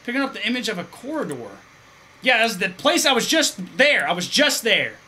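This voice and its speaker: A gamer giving let's play commentary on a horror game, thinking aloud through puzzles and exclaiming loudly at scares. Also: mid-range voice, big pitch swings, normal speed, slight background noise.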